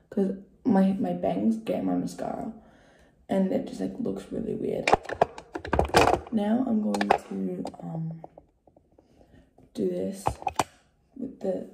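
Casting: chatty woman vlogger, very mellow dark tone with a gravelly edge, echoey room. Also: mid-range voice, a little hiss or hum. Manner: chatty and joking, often dropping to a whisper. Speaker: beauty vlogger. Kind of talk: casual makeup tutorial chat.

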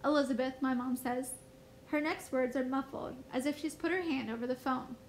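A woman teacher reading a first-person novel aloud in a steady storybook manner. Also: high voice, moderate pace, a little hiss or hum, low-quality recording.

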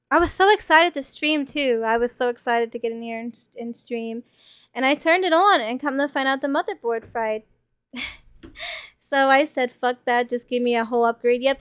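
A high-pitched woman, talking loosely and swearing as she streams a game. Her voice sounds a little worn, and the audio is dull and lo-fi. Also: a bit bright, clean tone, no echo. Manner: chatty, swears freely, thinks aloud. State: losing her voice. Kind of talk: casual gaming stream chat.

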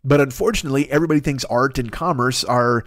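A man's voice: mid-range voice, fairly bright tone, no echo, studio quality. A man hosting his own comedy podcast, ranting and riffing in a profane, rambling monologue. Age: 40s. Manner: profane, rambling, quick riffing rant with mock voices. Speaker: podcast host.

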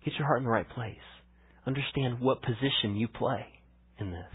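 A man preaching a sermon as pastor, conversational, swinging between emphatic lines and hushed asides. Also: mid-range voice, moderate pace, breathy edge. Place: church sanctuary. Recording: tinny phone-like church audio.

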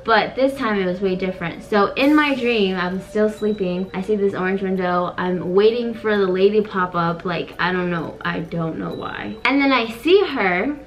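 A woman's voice: medium pitch, moderate pace, few pauses, faint music behind, rough recording. A young woman casually telling a vivid story to camera, with lots of fillers, as co-host of a couple's channel. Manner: animated, many fillers, dramatic retelling.

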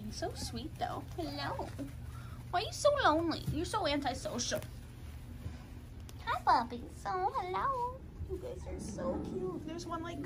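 A woman, chatting to puppies in a gushing baby-talk voice that jumps high into squeals. Her pitch is high and swings widely. Puppy noise fills the background. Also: a bit bright. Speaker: dog breeder vlogger. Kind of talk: casual chat with puppies. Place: puppy pen with dogs.

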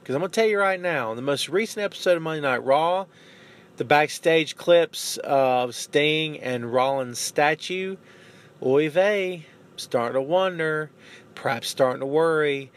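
A man hosting a podcast, giving casual, opinionated wrestling commentary in an animated way, often tagging sentences with "man" and "you know what I'm saying.". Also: fairly high pitch, unhurried. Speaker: podcast host.

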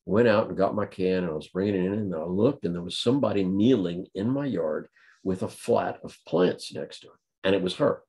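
Deep-voiced man telling stories. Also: fairly quick. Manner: deadpan storytelling. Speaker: guest speaker. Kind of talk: humorous anecdote at a talk.

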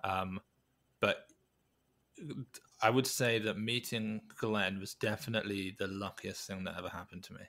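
Low-voiced man musing in an interview. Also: level tone, fairly bright tone. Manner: thoughtful, halting, many restarts and fillers. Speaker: podcast guest, weightlifting coach. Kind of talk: reflective conversational interview.

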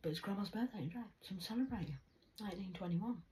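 A woman's voice: mid-range voice, fast talker, dark tone, a little hiss or hum, rough recording. A woman telling family stories in a rambling, casual monologue, often dropping to a whisper and swearing freely. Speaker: vlogger.

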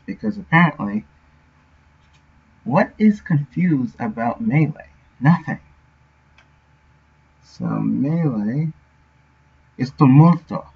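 Slow gravelly man muttering to himself. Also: mid-range voice, animated. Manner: muttering to himself, sounding out words. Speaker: game developer streaming his work. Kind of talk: thinking aloud while working. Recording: dull lo-fi audio.

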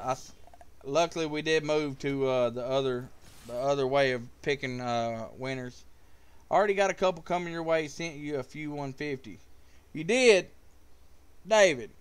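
Excitable, profane streamer man, smooth voice. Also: on the high side. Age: adult with kids. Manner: casual, profane, excitable trash talk. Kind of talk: live-streamed card game commentary.

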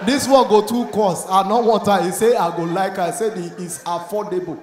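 A man with a Nigerian accent performing stand-up, acting out both sides of a story in Pidgin and rising to shouts at the punchlines. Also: sits high, steady tone, a little fast. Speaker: stand-up comedian. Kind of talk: stand-up comedy routine. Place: comedy club stage with a live audience. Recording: echoey live venue, faint crowd noise.

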